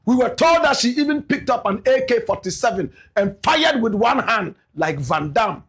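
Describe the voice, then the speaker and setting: Ghanaian man, political commentator, high husky voice, swings wide in pitch, emphatic. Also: sing-song, normal speed. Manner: emphatic, repeats "my brother, my sister", bursts into shouts.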